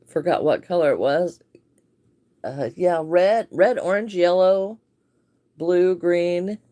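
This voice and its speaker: A woman's voice: lowish voice, takes it slowly, warm tone. A woman hosting a casual crochet livestream, chatting and greeting viewers by name with frequent laughs.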